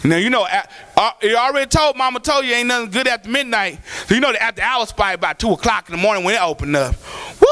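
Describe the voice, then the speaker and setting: A male pastor preaching a sermon in a church, fervent and colloquial, swinging between shouted lines and soft asides as he calls out to the congregation. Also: sits high.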